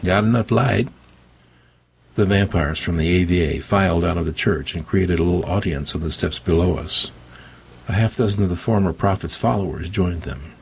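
A man's voice: low voice, fairly quick, creaky, a little mellow, slight background noise. A man narrating an audiobook in the first person with dry, wry storytelling.

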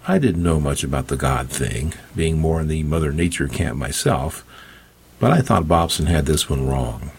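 A man's voice: a bass voice, animated, moderate pace, gravelly, husky. A man narrating an audiobook in the first person with dry, wry storytelling.

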